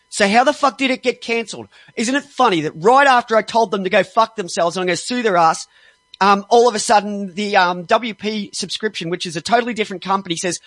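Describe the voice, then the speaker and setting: High-voiced man ranting, dry sound. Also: a little fast, a bit bright, dry recording. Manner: heavily profane, exasperated; restarts and stumbles when worked up. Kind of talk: angry ranting monologue.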